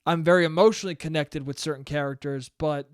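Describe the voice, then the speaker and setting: A man's voice: a little high, fairly even intonation, quick pace, clear, resonant tone, no echo, clean studio sound. A man in his twenties hosting a solo podcast, talking in a rambling, profane, jokey way with many restarts. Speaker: podcast host.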